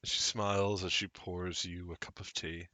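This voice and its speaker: A man's voice: low voice, flat delivery, normal speed, sharp tone, dry recording. A man narrating as game master of a tabletop game, with wry asides.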